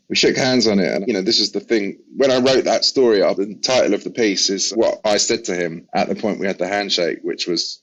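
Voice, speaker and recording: A man with an English accent, a photographer casually telling anecdotes in a chatty, animated way with asides. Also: fairly low pitch, a little fast, few pauses, highs cut off. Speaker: photographer guest.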